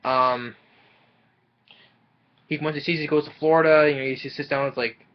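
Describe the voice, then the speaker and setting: A man casually recapping a film plot, rambling and halting, with many fillers and restarts. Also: on the high side, steady tone, lo-fi sound. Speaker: movie reviewer.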